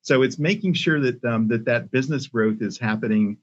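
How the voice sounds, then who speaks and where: An older man talks as a podcast guest, measured and thoughtful, often pausing to restart a sentence. His voice has a husky edge. The recording sounds dull and lo-fi. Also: medium pitch. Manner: measured, many ums and restarts. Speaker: podcast guest, company CEO. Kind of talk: casual interview talk. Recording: muffled lo-fi audio.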